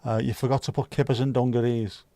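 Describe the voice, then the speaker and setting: A man in the middle of his range hosts a relaxed livestream, bantering and teasing the people watching. His voice sits close and dry, with no room sound around it. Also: mid-range voice, quick pace, no room sound. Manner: joking, teasing, chatty banter. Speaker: livestream host. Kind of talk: casual chat with viewers.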